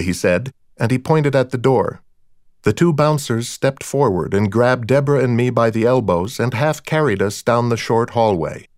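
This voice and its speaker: A man reads a first-person crime novel aloud in a dry, wry storytelling manner. His pitch sits in the middle range. The recording is close and dry with no room sound. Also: lively intonation, normal speed, darkish tone, dry recording. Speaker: narrator. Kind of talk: audiobook narration of a crime novel.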